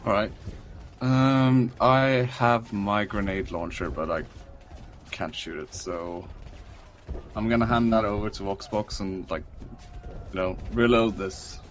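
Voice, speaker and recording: Slow-talking deep-voiced man at a game table. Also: slight background noise. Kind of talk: casual chat.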